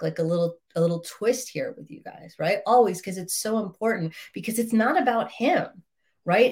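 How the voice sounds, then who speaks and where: A woman teaching an online relationship course for wives, talking in an emphatic, casual way, swearing now and then and often tagging "right?" and "like". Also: fairly low pitch. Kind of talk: motivational online course talk.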